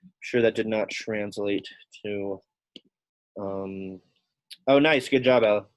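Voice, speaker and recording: Speaking slowly in a lowish voice, a young man runs a Latin class, casually explaining grammar with plenty of fillers for his classroom and online students. The recording quality is rough.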